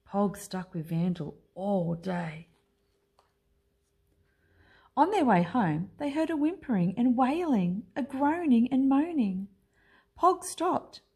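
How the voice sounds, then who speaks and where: A woman teacher reading a children's picture book aloud in an expressive, unhurried way. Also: a little high, slightly rough. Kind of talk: storybook read-aloud.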